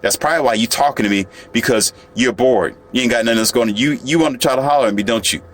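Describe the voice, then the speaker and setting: A man's voice: mid-range voice, fast talker, a little hiss or hum, close to an everyday voice. A man voicing a haughty young woman who mocks and looks down on him, in condescending taunts. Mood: dismissive.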